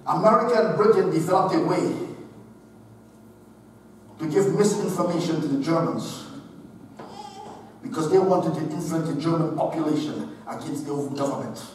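A man preaching a sermon, emphatic and repeating phrases for stress. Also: high-pitched. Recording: echoey hall, distant mic, faint hiss.

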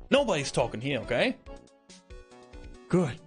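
Brief: male streamer, animated and fairly high, excited commentary over game music. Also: normal speed. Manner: excitable, mock-stern toward chat. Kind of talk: let's play commentary.

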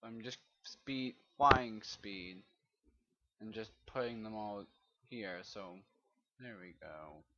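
Brief: male Let's Play commentator, slow delivery, swears and blows up at the game, dull lo-fi recording. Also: fairly low pitch, a little hiss or hum. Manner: swears often, bursts into loud frustrated outbursts. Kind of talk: casual gameplay commentary.

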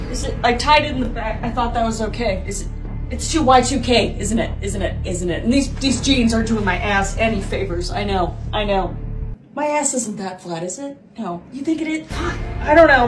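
A woman's voice: on the high side, far from the mic. A young woman performing a comedy sketch, rambling and exasperated. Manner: exasperated, rambling self-talk.

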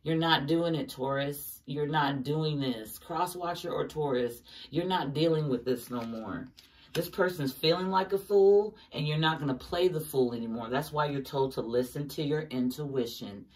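Through a distant microphone, a woman with a deep voice does an informal tarot reading at a moderate pace. She addresses viewers straight on, with emphasis and plenty of swearing.

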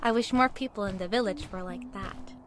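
A woman's voice: medium pitch, fairly quick, faint music behind, close to an everyday voice. A woman voicing a cheerful young village girl and inventor in a video game, earnest and friendly. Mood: wistful.

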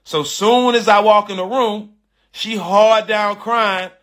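A middle-aged man hosting a podcast, telling a story casually in animated, profane slang and repeating his phrases. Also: sits high, takes it slowly. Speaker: podcast host.

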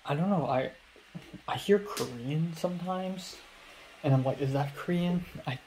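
A man's voice: a little high, unhurried, darkish tone, slight background noise, low-quality recording. Young man rambling through his day. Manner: rambling, filler-heavy retelling with acted-out quotes. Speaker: vlogger. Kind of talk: casual diary-style storytelling.

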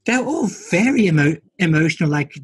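A woman's voice: fairly low pitch, big pitch swings, brisk, slightly rough, dry recording. A woman co-hosting a podcast, talking things through in a thoughtful, analytical way. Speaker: podcast co-host. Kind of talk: casual chat.

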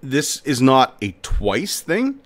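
A male podcast host tells a folk tale in a dramatic, expressive style. His pitch swoops in lively arcs, yet his pace stays unhurried and deliberate.

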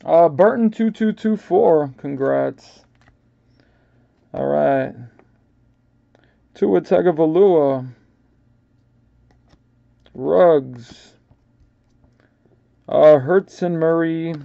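A man's voice: fairly high pitch, gravelly, mellow, no echo, muffled recording. A man with a New York accent hosting a live card break, casually calling out player names and stumbling over some of them.

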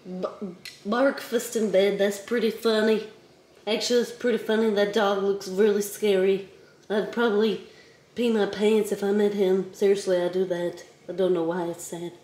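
A woman voicing a boastful young female dog who chatters playfully and gets easily excited. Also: medium pitch, moderate pace, close to an everyday voice.

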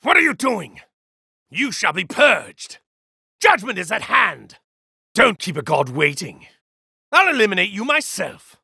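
Brief: an arrogant villain god for a fighting game, gravelly and haughty, slow menacing delivery swinging from low sneers to high shouts, bright edge, dry studio sound. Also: male voice, big pitch swings, dry recording, exaggerated voice. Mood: wrathful. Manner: haughty, contemptuous, grandiose. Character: arrogant evil god in a hero's body, male. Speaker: video game character. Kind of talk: game voice lines.

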